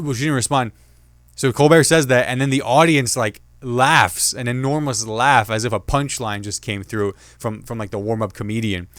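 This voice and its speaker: A man hosting his own comedy commentary show, talking casually and jokingly, slipping into quick impressions of other people. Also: mid-range voice, a bit bright, clean tone, no echo. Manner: chatty, jokey, mimics others in quick asides. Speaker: podcast host and comedian.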